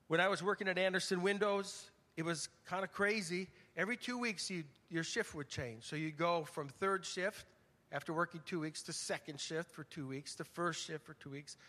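An older man preaching a conversational, storytelling sermon, swinging from loud emphasis to hushed, near-whispered lines. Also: high-pitched. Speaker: pastor. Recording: long church reverb.

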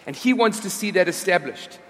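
A man's voice: high-pitched, animated, fairly quick, a bit bright. A man preaching a sermon to his congregation in a conversational way, often restarting and repeating his phrases. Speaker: pastor. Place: church service. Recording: long reverb of a large hall.

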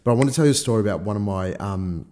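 In a lowish, warm, expressive voice that races along, a middle-aged coach gives a motivational monologue. He acts out his inner voices and swears without restraint.

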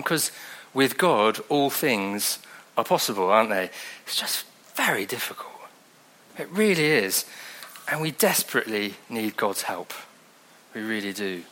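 A man preaching a sermon in a conversational way, with wry asides and slow scripture reading. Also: medium pitch, pushed and bright.

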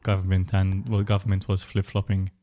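A man's voice: low-pitched, completely flat delivery, a little fast, dark tone. A man from Malta co-hosting a podcast in casual chat, playfully chiming in and finishing his co-host's sentences. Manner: playful, chimes in and finishes the other host's lines. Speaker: podcast co-host.

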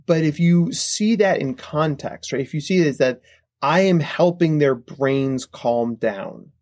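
A man's voice: fairly high pitch, unhurried, a little mellow, no echo, studio quality. A man, a psychologist guest on a podcast, explaining his points and tagging them with "right?". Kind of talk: podcast interview answers. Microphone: podcast microphone.

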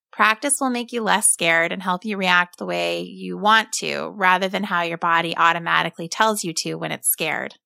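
A woman voicing a caring farm mother who talks softly and soothingly to her son. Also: medium pitch, vocal fry, no echo, clean studio sound. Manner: soft and soothing.

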